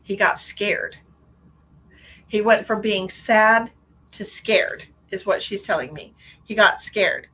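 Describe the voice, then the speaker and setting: Bright-voiced chatty woman medium. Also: mid-range voice, takes it slowly, poor audio. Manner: chatty, animated, full of "like" and restarts. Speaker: psychic medium. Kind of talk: live-streamed psychic reading.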